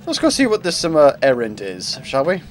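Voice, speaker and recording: A man's voice: fairly high pitch, wildly swooping pitch, brisk, soft background music. A man commentating while playing a video game, chatty and laughing at himself as he recaps the story. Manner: chatty, laughs at himself, reads dialogue aloud. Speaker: game streamer. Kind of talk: let's play commentary.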